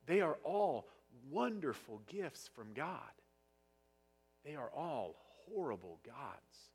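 Husky guy pastor preaching, gets fired up and loud sometimes. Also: a little high, very animated, slow pace. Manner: passionate, gets loud at times. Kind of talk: sermon. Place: church sanctuary.

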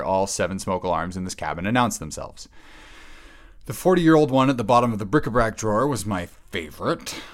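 A man giving a rambling comic monologue, wry and self-mocking, alone in an empty cabin and sometimes breaking into excited yelling. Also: on the low side.

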